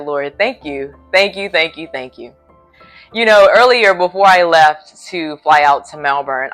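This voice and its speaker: A woman's voice: deep voice, fairly bright tone. A woman preacher telling a personal faith story in a casual vlog from a hotel room, earnest and a little sleepy. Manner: earnest, faith-filled retelling.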